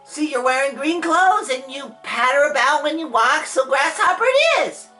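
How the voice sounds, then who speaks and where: A man's voice: very high voice, big pitch swings, moderate pace, pushed and bright, faint music behind, pitched above the performer's own voice, full character voice. A man voicing a cheerful, innocent young ranch girl, reading game dialogue in a sing-song way. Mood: chirpy.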